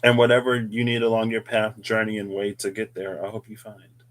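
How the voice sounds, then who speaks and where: A man's voice: on the low side, completely flat delivery, a little fast, a bit bright. A man hosting a tarot reading video, musing aloud in a casual, rambling way with chatty asides. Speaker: tarot reader, channel host. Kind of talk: casual reflective monologue.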